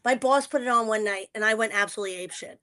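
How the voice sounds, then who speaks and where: A woman's voice: fairly high pitch, racing, bright, forceful tone, clear, resonant tone. A woman with a slightly smoky voice, a guest in a casual chat who swears and laughs a lot.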